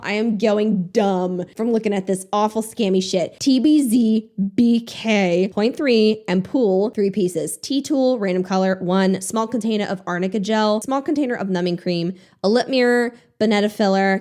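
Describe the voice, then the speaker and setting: A woman's voice: mid-range voice, darkish tone. A young woman giving casual reaction commentary on a beauty video channel, sarcastic and exasperated, swearing freely.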